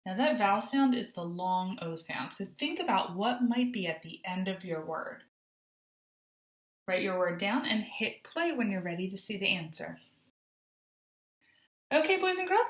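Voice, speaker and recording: A woman teaching a phonics lesson to young children, sounding out letters slowly and praising often. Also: medium pitch, reverberant. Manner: encouraging, sing-song praise, slow sounding out of letters. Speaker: kindergarten teacher.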